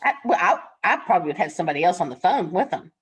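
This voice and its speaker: A woman's voice: on the low side, very animated, racing, breathy edge. An older woman teaching a nursing class, frank and folksy, laughing often as she tells stories from the ward. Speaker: nursing instructor. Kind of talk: classroom lecture with storytelling.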